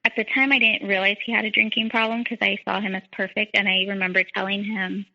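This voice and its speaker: A woman's voice: mid-range voice, flat delivery, fast talker, long reverb tail. A young woman telling her own story as a podcast guest, quoting others in dialogue and saying "like" often. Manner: frequent "like", quotes others in dialogue. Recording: dull lo-fi sound.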